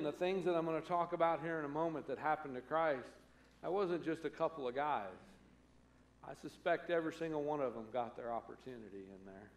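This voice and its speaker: Man, pastor, conversational sermon, acts out quotes, high-pitched, echoey church hall. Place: church sanctuary.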